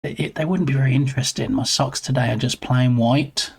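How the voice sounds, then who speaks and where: A man talking over his live stream in a loose, rambling way, often stopping to greet viewers by name. His voice sits at an ordinary middle pitch. He sounds relaxed and chatty. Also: a little fast, gravelly, breathy edge. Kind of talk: casual live-stream chat.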